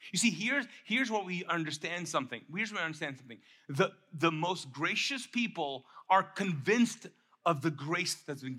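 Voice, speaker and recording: A man preaching a sermon as pastor, acting out quotes with energy and dropping to a soft, intimate tone. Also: a little high. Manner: animated, acts out quotes, drops to soft intimate tone. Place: church.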